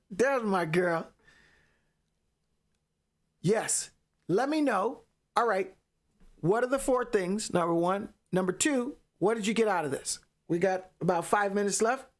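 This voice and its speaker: A woman hosting a live motivational faith talk, emphatic and preachy, repeating phrases for effect. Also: medium pitch. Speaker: podcast host.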